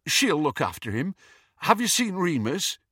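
A young witch speaks in an anguished, restless way, her voice lifted high. The delivery stays lively and bright, with a man acting her out for an audiobook. The sound is dry and close. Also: measured pace, breathy edge, dry recording, heavily acted. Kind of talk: audiobook character voice.

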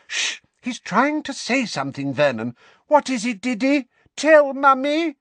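A man voicing a fussing middle-aged housewife with a shrill, quavering voice, in an audiobook. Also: very animated, measured pace, no room sound, full character voice. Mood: anxious coaxing.

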